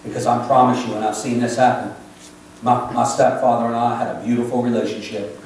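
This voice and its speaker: A man preaching an emotional sermon, swinging between loud pleas and hushed confessions, in a church sanctuary. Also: mid-range voice, little pitch movement, fairly quick, slight background noise. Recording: echoey church from a distant mic.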